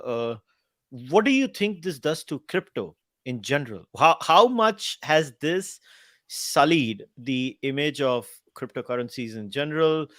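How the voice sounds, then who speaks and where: A man's voice: medium pitch, fairly bright tone, dry recording, clean studio sound. A man hosting a podcast, asking questions in a hesitant way, stammering with many fillers. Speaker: podcast host. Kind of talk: conversational interview.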